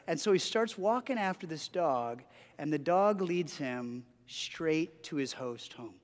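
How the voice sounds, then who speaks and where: A man's voice: fairly high pitch, animated, measured pace. A man preaching a sermon as pastor, telling stories earnestly with frequent restarts. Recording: long hall reverb.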